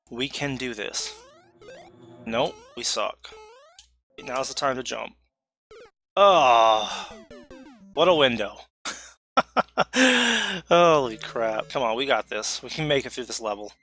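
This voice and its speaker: A man giving live commentary while playing a video game, excitable, talking to himself and letting out sudden yelps. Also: mid-range voice, a little slow, long pauses, faint music behind.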